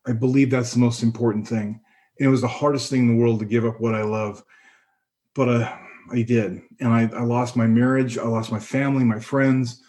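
A middle-aged man giving a personal testimony, earnest and reflective, pausing and restarting as he speaks. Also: medium pitch, a little mellow. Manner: earnest, reflective, halting with pauses. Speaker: personal storyteller.

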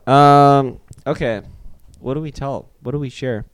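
A man's voice: medium pitch, fairly even intonation, measured pace, clean tone, no echo. A man on a podcast, chatting casually in an easygoing way, laughing along and sometimes a little unsure. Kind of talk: casual chat.

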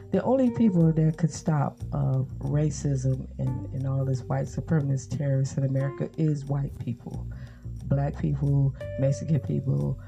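A woman's voice: low voice, warm tone. A woman speaking in a casual political monologue, earnest and rambling, with many fillers and restarts. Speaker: commentator. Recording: muffled lo-fi recording with faint guitar music.

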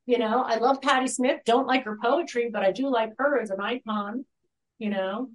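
New lady poet chatting on a video call from home, kinda high voice, laughs a lot, swears casually. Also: normal speed, low-quality recording. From New York. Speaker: guest poet. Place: at home by her computer.

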